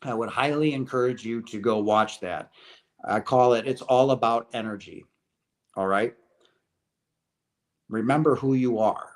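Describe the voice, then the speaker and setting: A man's voice: mid-range voice, unhurried, pauses often. A middle-aged man giving an earnest, preachy spiritual talk to his viewers, often repeating phrases and asking "right?". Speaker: host of a chat stream.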